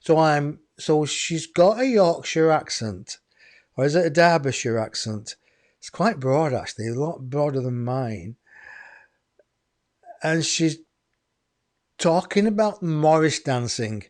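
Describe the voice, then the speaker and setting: A man's voice: fairly high pitch, expressive, slow, pauses often, darkish tone. A man hosting a live psychic medium show, rambling and chatty as he talks to his viewers. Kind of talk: live-streamed channeling show.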